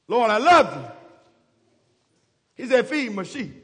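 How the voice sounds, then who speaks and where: High-voiced preacher man hollering his sermon, big echoey church hall. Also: very animated, takes it slowly, long pauses, breathy edge. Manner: impassioned, rising to shouts, Southern Black church cadence. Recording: long reverb of a church hall.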